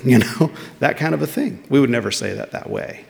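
Male preacher, mid-pitched and gravelly, conversational sermon, echoing hall. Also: animated, a little fast, hardly any pauses. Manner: conversational, asking the listeners questions. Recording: long reverb of a large hall.

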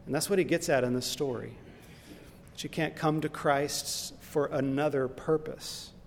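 A man's voice: a little high, fairly even intonation, measured pace, vocal fry, a little hiss or hum. A man preaching a sermon, earnest and emphatic, who builds into impassioned lists and retells a story along the way. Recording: long reverb in a large hall.

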